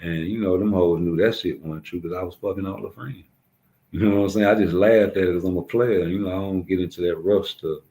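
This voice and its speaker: Deep gravelly man ranting profanely. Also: steady tone, a little fast, mellow, rough recording. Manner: blunt profane ranting with street slang. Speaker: YouTube commentator. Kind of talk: casual ranting monologue.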